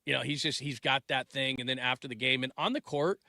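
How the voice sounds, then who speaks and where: A man's voice: mid-range voice, fairly even intonation, fast talker, vocal fry, no echo, clean studio sound. A man in his forties hosting a sports talk show, rambling casually and restarting his sentences. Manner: rambling, restarts sentences, trails off mid-thought; gets loud and laughing when telling family stories.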